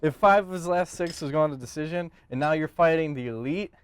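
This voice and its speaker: A man's voice: a little high, a little fast, a crowd in the background. A man co-hosting a casual fight podcast, giving blunt, profane opinions. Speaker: podcast co-host. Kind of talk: casual MMA podcast chat.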